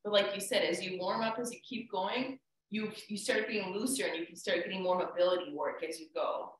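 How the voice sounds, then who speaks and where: A woman's voice: on the low side, fairly even intonation, brisk, roomy sound, a little hiss or hum, low-quality recording. A woman co-hosting a live exercise session, chatting in an upbeat way. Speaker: co-host. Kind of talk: casual chat.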